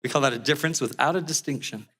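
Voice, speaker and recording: A middle-aged man giving a motivational talk on relationships, an animated storyteller who acts out the people in his stories. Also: mid-range voice, racing, slightly rough. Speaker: relationship speaker.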